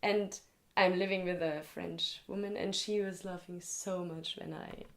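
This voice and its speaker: A woman's voice: on the low side, steady tone, unhurried. A woman chatting in an interview, speaking English as a with hesitant fillers and easy laughter. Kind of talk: casual interview chat.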